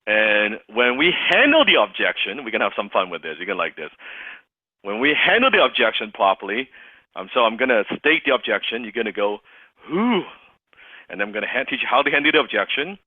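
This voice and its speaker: A man's voice: lowish voice, very animated, quick pace, no room sound. A man coaching a sales team, emphatic and repeating his key points for the group. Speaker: sales trainer. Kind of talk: interactive sales coaching session. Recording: tinny phone-like call audio.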